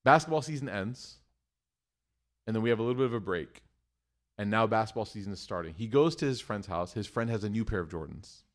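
Animated man telling family stories. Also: fairly low pitch, fairly quick. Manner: animated storyteller acting out family dialogue. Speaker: religious teacher. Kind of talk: storytelling lecture to a live class.

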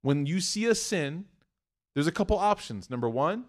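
A man giving a conversational sermon, telling a story and acting out the quoted voices with lively shifts, often checking in with "right?" and "okay?". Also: a little high, normal speed. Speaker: Islamic preacher.

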